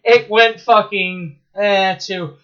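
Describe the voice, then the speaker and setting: A man in casual chat as a podcast co-host, telling stories in an excitable, rambling way with swearing and laughs. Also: sits high, slow, muffled recording.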